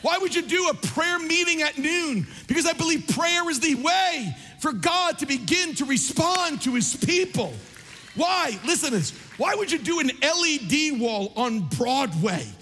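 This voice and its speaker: A man preaching a sermon as pastor, impassioned and building to near shouts. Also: very high voice, animated, measured pace, faint music behind. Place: large church sanctuary. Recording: long reverb of a large hall.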